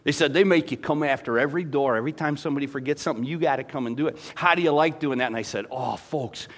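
A man preaching a sermon, telling stories with big swings from quiet, low passages to loud, excited ones. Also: fast talker. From former dairy farmer. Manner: animated storytelling, swings from soft to loud. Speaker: pastor.

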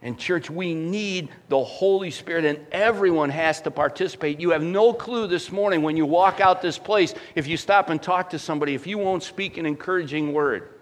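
Guy pastor preaching, highish voice, gets loud then goes real quiet, super emphatic. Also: normal speed, hardly any pauses. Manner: animated, emphatic preaching with loud swells and sudden quiet drops. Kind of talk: sermon.

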